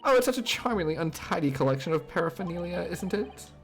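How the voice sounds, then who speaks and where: A man doing a bubbly, high-voiced young girl. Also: sing-song, fast talker, creaky, soft background music, heavily acted. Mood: delighted. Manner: bright, sing-song, eager.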